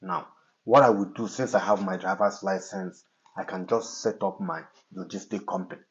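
A man's voice: low voice, fairly even intonation, moderate pace, lightly acted. A man playing an agitated husband who keeps insisting he is fed up with his job, in a dull lo-fi recording. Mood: determined. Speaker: actor in a home skit.

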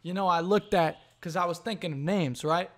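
A young man talks alone into his podcast mic with a somewhat high voice. He swears constantly and rambles, losing his train of thought and starting over. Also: normal speed, fairly bright tone. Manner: profane, rambling, self-interrupting. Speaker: podcast host. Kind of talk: solo podcast rant.

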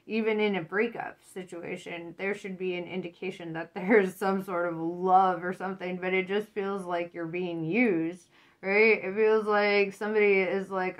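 A woman's voice: fairly low pitch, dull audio. A woman doing a casual tarot reading, swearing a lot, laughing often and getting fired up. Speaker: tarot reader.

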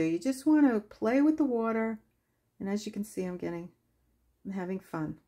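A woman with a husky, mid-pitched voice talks her viewers through a watercolor painting session. She chats casually and drifts into lively stories, laughing as she goes. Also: a little slow, pauses often. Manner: chatty, laughs while telling stories. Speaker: craft channel host. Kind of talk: casual craft tutorial chat.

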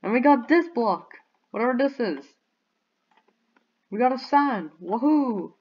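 A young woman giving bubbly, excitable commentary on a video game and cheering at her finds. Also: fairly high pitch, a little slow, muffled recording. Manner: bubbly, excitable, squeals and shouts in surprise. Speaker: gaming YouTuber.

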